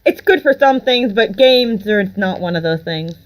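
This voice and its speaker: A woman running a tabletop role-playing game as game master, talking in a casual, unhurried way. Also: mid-range voice, expressive, poor audio.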